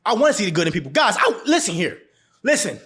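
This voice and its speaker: This relationship advice vlogger has a fairly high, sharp-toned voice and talks fast, with big swings in pitch. Addressing the camera casually and bluntly, he laughs often and repeats phrases to underline every point.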